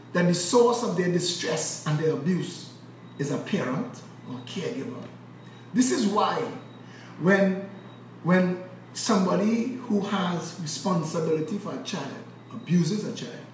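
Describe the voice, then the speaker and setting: A high-pitched Trinidadian man rages about politics, cursing and swinging from loud bursts to low, intense muttering. His voice is captured from a distance in a very echoey room with faint background noise. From Trinidad and Tobago. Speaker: political commentator. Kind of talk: impassioned political rant.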